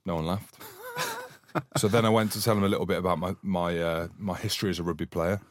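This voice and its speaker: A Scottish man co-hosting a podcast, swearing freely while telling a lively anecdote. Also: deep voice, quick pace, no room sound. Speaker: podcast co-host, former rugby player. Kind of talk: casual storytelling chat.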